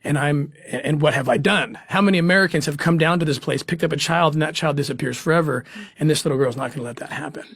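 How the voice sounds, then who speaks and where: Husky, earnest middle-aged man. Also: fairly high pitch, a bit bright, no room sound, clean studio sound. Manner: earnest, halting with restarts, choked up at times. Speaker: interview guest. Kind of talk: emotional storytelling.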